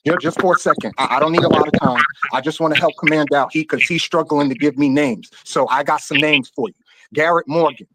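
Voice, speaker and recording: A man's voice: on the high side, fast, heavy background noise. A man joining a live-stream panel debate, stumbling at first and then making his point steadily. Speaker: panel participant.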